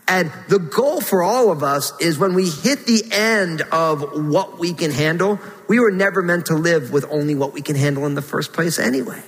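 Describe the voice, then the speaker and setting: A man preaching a sermon, earnest and pleading, rising in pitch when he voices prayers. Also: expressive, a little fast, few pauses, fairly bright tone, long reverb tail, poor audio. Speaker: pastor.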